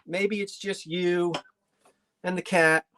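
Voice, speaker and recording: A woman's voice: lowish voice, fairly even intonation, slow, a bit bright, a little hiss or hum. A folksy woman hosts a live antiques sale from her decorated living room. She chats easily, trails off mid-sentence and circles back while showing each item. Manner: chatty, folksy, trails off and restarts while describing items. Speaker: online antiques auction host. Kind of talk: live sale stream presenting.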